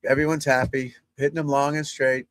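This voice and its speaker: Here the same kind of casual live chat has the golf instructor at home rambling to viewers and sometimes turning to address his dog. His mid-range voice barely moves in pitch and runs a little fast, captured in a dry recording with poor audio.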